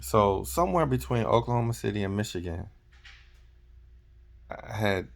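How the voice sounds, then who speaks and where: A man with a very deep, low voice, talking like a truck driver in a relaxed vlog. He wanders through his story and keeps backing up to correct himself. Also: moderate pace, gravelly. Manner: rambling, chatty, corrects himself often.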